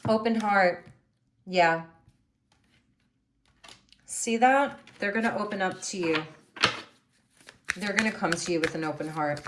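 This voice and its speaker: A woman's voice: medium pitch, a little slow, long pauses, a little hiss or hum. A woman doing a tarot reading, musing and thinking aloud as she turns over the cards. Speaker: tarot reader.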